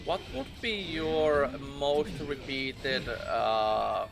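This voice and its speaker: A man's voice: on the high side, lively intonation, very slow, vocal fry. A man streaming a game live, chatting casually and rambling, laughing at his own jokes. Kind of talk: casual chat while gaming live. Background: game music.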